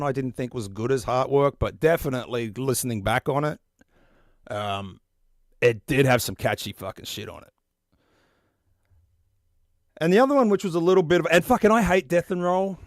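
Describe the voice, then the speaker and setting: A man in his forties hosting a stream, chatting casually and profanely in a rambling, animated way. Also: mid-range voice, dry recording, studio quality. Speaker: podcast host. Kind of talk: casual chat about metal albums.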